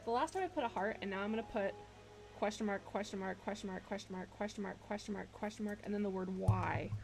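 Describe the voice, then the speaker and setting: A woman's voice: medium pitch, quick pace, gravelly, music in the background. A young woman streaming from her bedroom, rambling, joking and swearing a lot as she chats. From United States. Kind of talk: casual live-stream chat.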